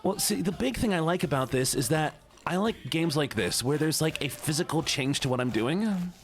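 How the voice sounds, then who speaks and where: Male streamer, animated sing-song delivery, playful and teasing in casual chat. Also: a little high, moderate pace, soft background music. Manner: playful, teasing, chatting with viewers. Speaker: live streamer. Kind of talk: casual live-stream chat while playing a game.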